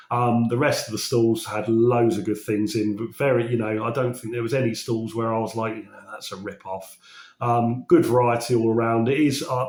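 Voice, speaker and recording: A man from England chatting casually about records he collected, his voice slightly croaky after a cold, enthusiastic and often correcting himself mid-sentence. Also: medium pitch, darkish tone. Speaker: vinyl collecting vlogger. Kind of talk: casual chat. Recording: roomy echo.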